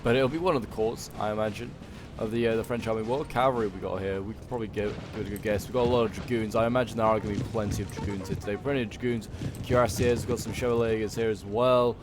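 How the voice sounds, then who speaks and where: A man's voice: on the low side, fairly even intonation, fast. A man giving casual gameplay commentary, thinking aloud and rambling with many fillers as he talks through a strategy battle. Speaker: game commentator. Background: background music.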